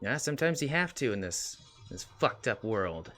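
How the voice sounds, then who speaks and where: A man's voice: lowish voice, big pitch swings, moderate pace, pushed and bright, faint music behind, pitched below the performer's own voice, full character voice. A man playing a brash twelve-year-old hacker girl. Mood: cocky. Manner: boastful, offhand, brash. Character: cocky young girl hacker, about twelve. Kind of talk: tabletop role-play in character.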